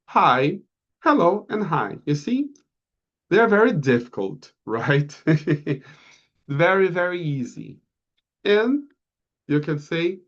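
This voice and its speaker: A man with a fairly high voice leads a beginner lesson at a very slow pace. He stretches out greetings so learners can copy them, his pitch bouncing up and down. The audio is a little muffled. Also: very animated. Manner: slow, drawn-out model phrases for repetition. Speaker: English teacher. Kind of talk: online English lesson.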